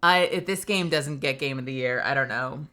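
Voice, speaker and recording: A woman's voice: rumbling low, moderate pace, pushed and bright. A woman streamer and voice actor chatting casually with her viewers, rambling and full of fillers. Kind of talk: casual live-stream chat.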